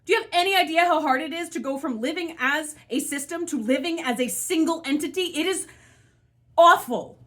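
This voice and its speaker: This spiritual channel host talks fast and barely pauses, her voice sitting high and fairly bright. She's venting in an emotional monologue, cursing often and letting out sighs between thoughts.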